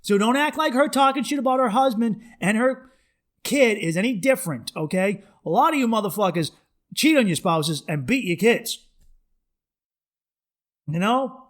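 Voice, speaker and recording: A man's voice: high-pitched, a bit bright. A young man hosting his podcast, telling stories in a loose, profane, rambling way. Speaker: podcast host. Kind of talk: casual monologue.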